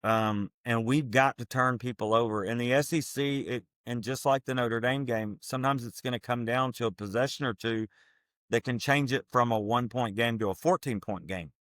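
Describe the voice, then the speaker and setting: A man's voice: medium pitch, normal speed, fairly bright tone, no echo, studio quality. A man, a former football coach co-hosting a podcast, breaking down defense in an earnest, emphatic, coach-like way. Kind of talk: casual football analysis chat.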